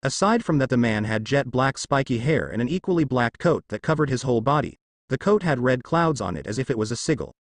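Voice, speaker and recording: A man reads a fan-fiction story aloud, telling it in a steady storytelling manner. His pitch sits in the middle but moves lively up and down. The recording is dry, with no room sound. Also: fairly quick, dry recording. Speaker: narrator.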